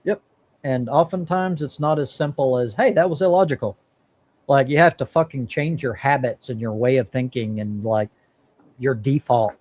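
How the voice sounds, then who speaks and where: The stream host's medium-pitched voice is a little mellow, and he keeps a moderate pace. He's blunt and profane, chatting casually and cursing often while reasoning his way through ideas out loud.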